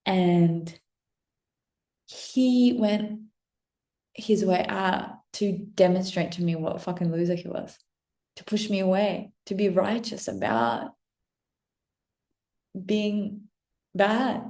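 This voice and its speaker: A woman's voice: mid-range voice, expressive, slow, long pauses, mellow. Passionate, blunt woman coach in an echoey room. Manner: passionate, blunt, swears freely. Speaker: self-help coach. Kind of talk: direct-to-camera motivational talk.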